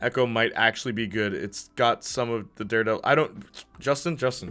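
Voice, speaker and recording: A man streaming a game, chatting casually and answering his chat out loud. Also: medium pitch, brisk. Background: faint music.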